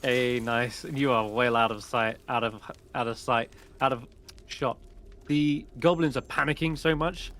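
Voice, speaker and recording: Bright, lively male game master narrating with laughs. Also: mid-range voice, a little slow.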